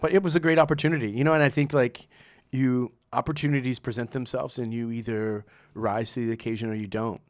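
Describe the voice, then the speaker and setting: A man's voice: mid-range voice, fairly even intonation, fast, no room sound, clean studio sound. A middle-aged man, a guest on a podcast, telling a story in casual talk, acting out the people he quotes and laughing often.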